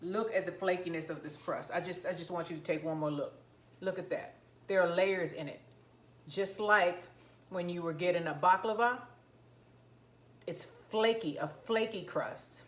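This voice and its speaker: A woman's voice: fairly low pitch, moderate pace, a bit bright, echoey room. Chatty woman eating on camera. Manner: chatty, rambling, enthusiastic about food; talking while eating, mouth full. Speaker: cooking vlogger. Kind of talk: casual cooking vlog, tasting on camera.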